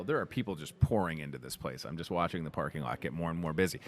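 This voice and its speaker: A young man hosting a grocery store's daily video, energetic, jokey and rambling, recorded in the store. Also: deep voice, brisk, few pauses, no echo. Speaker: host.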